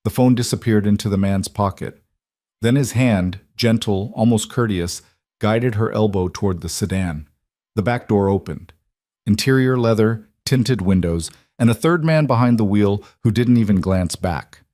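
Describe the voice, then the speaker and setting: Audiobook narrator: a low-voiced man with a steady, dramatic read, dry studio sound. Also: moderate pace, no room sound. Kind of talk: scripted romance story narration.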